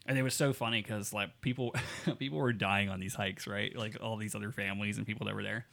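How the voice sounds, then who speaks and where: A man's voice: fairly low pitch, steady tone, quick pace, vocal fry, a bit bright. A young man from the Las Vegas area, co-hosting a casual podcast chat, joking and cursing freely and slipping into mock voices when telling stories. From Las Vegas area, Nevada. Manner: profane, joking, does mock voices in anecdotes. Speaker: podcast co-host.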